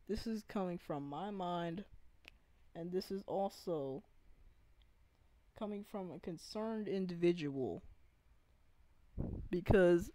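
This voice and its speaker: Earnest woman ranting slowly. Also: lowish voice, low-quality recording. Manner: earnest, pleading, with halting restarts. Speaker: gaming vlogger. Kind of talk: unscripted rant to camera.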